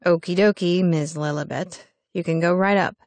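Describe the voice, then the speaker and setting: A woman's voice: lowish voice, steady tone, moderate pace, a little mellow, no echo, natural voice. A woman reading a story, voicing an irritated, hungover male security guard who talks in curt, dismissive bursts. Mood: grudging. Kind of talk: audiobook character voice.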